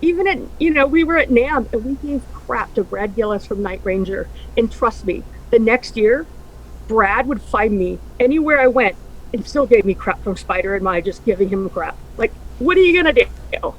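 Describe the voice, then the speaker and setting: A woman radio host remembering a late friend, soft and hushed when grieving and lively when telling stories. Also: on the high side, moderate pace, a little hiss or hum, low-quality recording. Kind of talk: tearful tribute chat.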